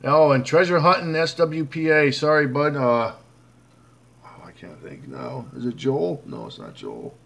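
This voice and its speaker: This livestream host speaks slowly in a fairly high, creaky voice with a fairly bright tone. He chats loosely, greeting people by name and calling them bud, reading comments aloud amid many fillers and restarts.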